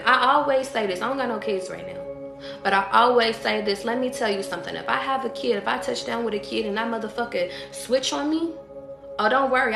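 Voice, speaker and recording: With a creaky, mid-range voice, a woman who reads tarot delivers a profane, blunt motivational rant on her live stream, saying things again and again for emphasis. The sound is echoey, with faint music behind her.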